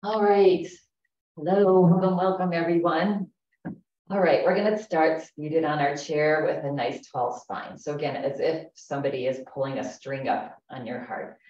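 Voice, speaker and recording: A woman instructor leading a chair yoga class, calm and gentle, giving slow breathing cues. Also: low-pitched. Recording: echoey, distant, dull room recording.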